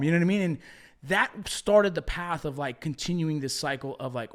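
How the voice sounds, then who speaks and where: A middle-aged man tells rowdy stories from his past in a casual, profane, animated way. He talks fast, with a slightly high voice. His talk is loose and full of slang. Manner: profane, animated storytelling with slang like bro and dog. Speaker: podcast guest. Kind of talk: casual storytelling conversation.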